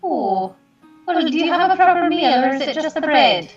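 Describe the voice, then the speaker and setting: Chatty kind woman player; high, animated; roomy, distant, dull recording. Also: moderate pace, faint music behind. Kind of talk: tabletop game role-play.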